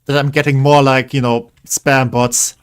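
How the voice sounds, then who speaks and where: A man's voice: mid-range voice, little pitch movement, a little slow, smooth. A man casually chatting while streaming a building game, rambling and coaxing his in-game pets along. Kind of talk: casual gameplay commentary.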